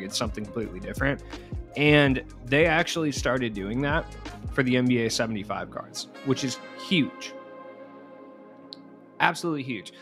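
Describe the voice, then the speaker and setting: A man's voice: medium pitch, fairly bright tone. A young man hosting a casual video game news vlog, rambling and full of fillers. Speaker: gaming news YouTuber.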